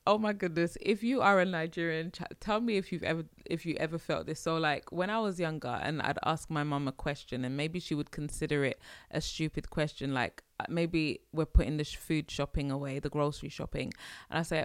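A woman's voice: deep voice, moderate pace, clean tone, no echo, clean studio sound. A woman hosting her podcast, talking in a chatty, rambling way and laughing often. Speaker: podcast host. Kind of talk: casual monologue.

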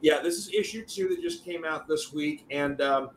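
A man co-hosting a podcast in casual chat, pausing often with "uh" as he talks. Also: fairly high pitch, slight background noise. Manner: hesitant, many uh fillers. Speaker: podcast co-host.

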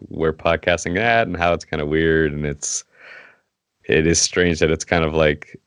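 Deep-voiced relaxed male podcast host. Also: dry recording, clean studio sound. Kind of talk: casual podcast interview.

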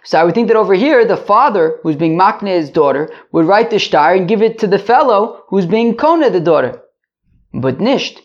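A man's voice: high voice, expressive, normal speed. Man teaching in dull lo-fi audio. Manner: explains step by step, repeating phrases and asking rhetorical questions. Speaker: Talmud teacher. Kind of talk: daily Talmud lesson.

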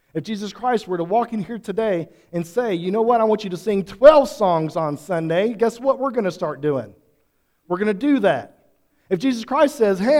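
A man preaching to his congregation with a fairly high voice. He talks to them directly and keeps asking questions. He swings from loud, emphatic lines to quiet asides. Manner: conversational, asks the congregation questions. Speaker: pastor. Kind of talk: sermon.

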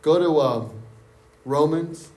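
Slow, emphatic man preaching in an echoey room. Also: a little high, darkish tone. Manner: repetitive and emphatic, questions the group. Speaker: preacher leading a Bible study. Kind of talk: interactive sermon.

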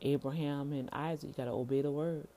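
A woman's voice: low-pitched, steady tone, fairly quick, mellow, a little hiss or hum. A middle-aged woman, an entrepreneur, giving a casual motivational rant in a preachy way, calling her listeners y'all and often repeating words.

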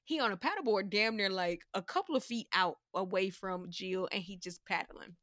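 A woman co-hosting a podcast, telling a story in casual chat, animated and profane, acting out the voices of the people she quotes. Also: medium pitch, moderate pace, dry recording, studio quality. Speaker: podcast co-host.

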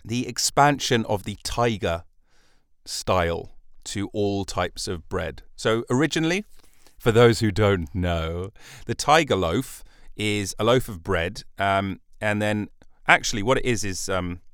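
A man rambles alone on his comedy podcast, swearing and circling back on himself mid-sentence. His voice sits fairly low and comes through smooth and resonant, recorded close and dry with no room sound. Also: lively intonation, unhurried, a bit bright, no room sound. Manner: meandering, self-interrupting, sweary. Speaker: podcast host.

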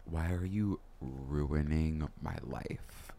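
A man co-hosting a podcast, talking in an animated, dramatic, joking way. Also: drawn-out words, vocal fry, heavy background noise. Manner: animated and dramatic, jumps to higher pitch when excited. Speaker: podcast co-host. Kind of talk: casual comedic chat.

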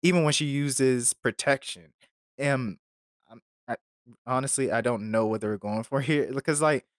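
Recorded at studio quality with no echo, a man of medium pitch hosts a podcast episode reviewing a film. Speaking at a moderate pace, he chats casually, rambling, peppering his talk with fillers and dry asides.

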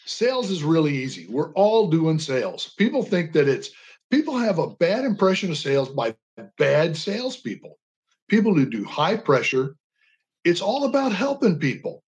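An older man speaks as a radio guest, with a voice pitched a little high for a man. He tells stories earnestly and passionately, pushing his intonation up and down for emphasis. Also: sing-song, normal speed, darkish tone. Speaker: guest, veteran advocate. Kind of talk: storytelling radio interview. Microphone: radio call-in line.

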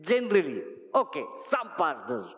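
A man's voice: a little high, wildly swooping pitch, moderate pace, a bit bright. A male pastor preaching a sermon to his church, emphatic and repeating key phrases. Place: church hall. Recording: long reverb of a large hall.

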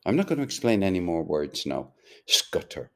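A man's voice: low-pitched, very animated, fast talker, vocal fry, mellow. A man reading a novel aloud and stopping to explain it in chatty asides. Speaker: audiobook reader and podcaster.

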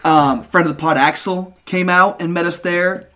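Young dude on a podcast, swearing a lot, spinning a story, kinda high-pitched. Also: male voice, normal speed. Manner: animated, profane storytelling. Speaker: podcast co-host. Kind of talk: casual storytelling chat.

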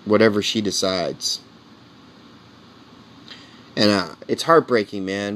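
A man's voice: on the low side, fairly bright tone, slight background noise. A man in his forties, a comedian, talking in a casual, candid monologue and tossing in "man" and "you know" as he rambles. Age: 40s. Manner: earnest and heartfelt. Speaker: comedian podcast host.

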